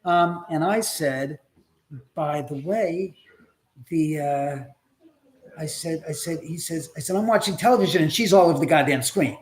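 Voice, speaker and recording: A man with a somewhat high voice hosts a live stream from his own house. He tells his story in a loose, chatty way, slipping into the voices of the people he quotes and swearing casually as he goes. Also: normal speed.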